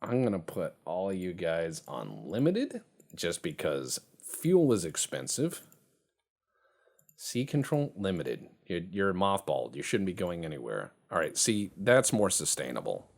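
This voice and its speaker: A man with a low voice gives casual gameplay commentary, joking around and laughing often. His pitch swings widely as he talks. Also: wildly swooping pitch, unhurried, vocal fry, a little mellow. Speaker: game streamer.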